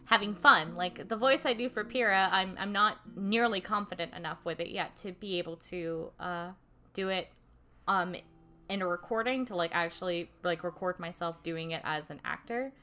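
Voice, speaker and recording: A woman's voice: on the low side, normal speed, pushed and bright. A young woman chatting casually on a livestream, rambling and self-deprecating, with casual swearing and frequent laughs. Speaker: streamer and voice actor.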